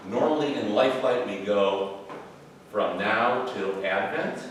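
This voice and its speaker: A man's voice: fairly low pitch, measured pace, a bit bright, a little hiss or hum. A man leading an evening Bible class, talking conversationally with fillers and restarts. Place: church classroom. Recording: very echoey room, far from mic.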